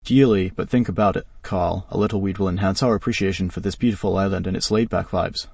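A man voicing a fun-loving young friend eager for adventure, in a flat, even read that says the speaker's name before each line. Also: low voice, fast, creaky, slightly rough, no echo, distant mic, heavily acted.

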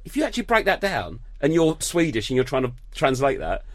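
A man's voice: medium pitch, very animated, fairly quick. A man, a comedian, telling a rambling, self-mocking story in casual chat.

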